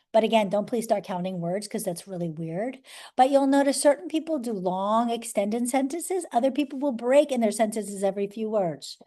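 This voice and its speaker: A woman's voice: fairly high pitch, warm tone. A woman teaching a live seminar to a room of people, chatty, making joking asides and often tagging "right?". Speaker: workshop presenter teaching sales skills.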